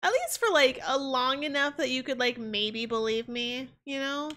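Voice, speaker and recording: Young woman, streamer, casual rambling chat, bright tone. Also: high-pitched, moderate pace. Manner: rambling, full of fillers and restarts. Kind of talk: casual chat while gaming.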